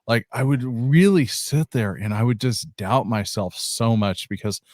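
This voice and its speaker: A man's voice: medium pitch, a little slow, a little mellow, no room sound, studio quality. A man hosting a casual interview, talking conversationally with many fillers. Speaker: host.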